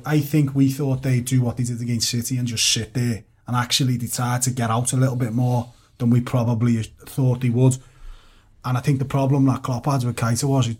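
A man's voice: medium pitch, slightly rough. A man, chatting casually as a panelist on a football podcast, rambling and swearing freely. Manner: rambling, swears freely, animated when mimicking mates.

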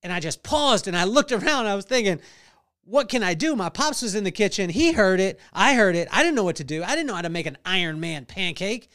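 Man, middle-aged, high voice, smooth, animated storytelling, podcast host. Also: a little fast. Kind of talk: storytelling devotional talk.

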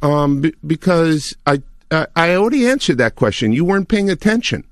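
A man's voice: fairly high pitch, expressive, moderate pace, no echo, studio quality. A man answering questions in a radio interview, hesitant and defensive, restarting his sentences often. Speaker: interview guest, record executive.

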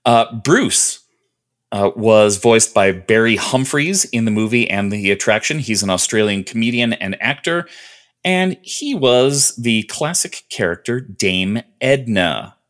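A man's voice: fairly low pitch, lively intonation, measured pace, a bit bright. A man co-hosting a podcast in casual chat, listing trivia with lots of ums and uhs. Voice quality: rambling, listing trivia with many fillers. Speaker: podcast co-host.

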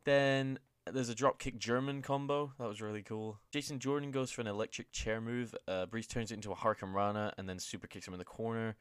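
A laid-back young man with a fairly low voice, chatting through an old wrestling episode on a podcast. He swears easily and talks loosely, close to a dry-sounding mic. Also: fairly even intonation, fairly quick, few pauses, smooth, dry recording. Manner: laid-back, swears freely, acts out quoted lines for laughs. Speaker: podcast co-host. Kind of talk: casual chat recapping wrestling.

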